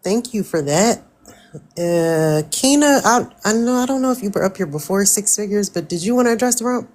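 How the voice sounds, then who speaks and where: A woman's voice: mid-range voice, expressive, darkish tone. Woman moderating a live chat. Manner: brisk moderator. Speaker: host.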